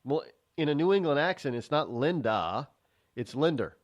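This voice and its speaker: A man's voice: a little high, animated, moderate pace. A man hosting a casual talk show, rambling with many restarts and fillers as he tells stories. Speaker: host. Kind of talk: casual chat.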